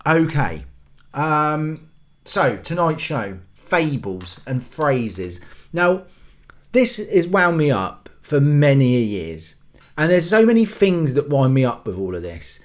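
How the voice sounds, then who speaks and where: A man's voice: fairly high pitch, big pitch swings, slow pace. A man hosting his own channel, ranting to the camera about everyday annoyances in an exasperated, self-mocking way. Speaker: host. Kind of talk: casual rant to camera.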